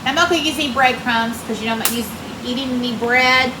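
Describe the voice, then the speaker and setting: On the high side and quick-paced, this woman's voice carries her casual cooking chat as she vlogs from her home kitchen. An air conditioner hums throughout the roomy room.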